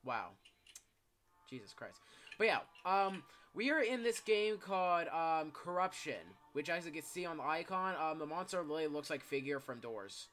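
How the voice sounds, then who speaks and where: Bright-voiced young guy gaming. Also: fairly high pitch, animated, normal speed, slight background noise. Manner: rambling, heavy on fillers like "yeah" and "like". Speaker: gameplay commentator. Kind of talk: casual gaming chat.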